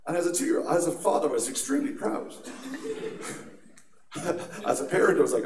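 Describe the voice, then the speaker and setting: A man's voice: a little high, very animated, moderate pace, crowd noise. A man with an Irish accent giving a conference talk on security, telling chatty personal anecdotes and laughing at his own stories. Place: large atrium at a conference. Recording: echoey hall picked up from a distance.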